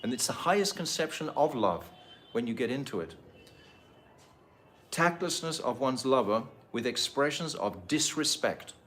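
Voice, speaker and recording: A man's voice: medium pitch, animated, a bit bright, a little hiss or hum. Man teaching a devotional scripture class. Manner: explanatory, pauses with fillers, asks listeners questions. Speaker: spiritual teacher. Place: holy site, live talk to a group.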